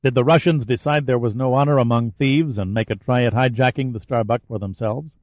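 A man voicing a tough male military hero who talks in a dry, sardonic, steady way, on a dry, slightly dull recording. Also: medium pitch, brisk, dry recording, close to an everyday voice. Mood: defiant.

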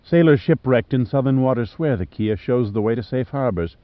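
A male narrator voicing a weary, hopeful Australian woman adrift at sea, speaking softly and dreamily. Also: medium pitch, animated, fairly quick, dry recording, natural voice. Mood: excited. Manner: soft, dreamy, then eager. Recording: slightly muffled dry studio.

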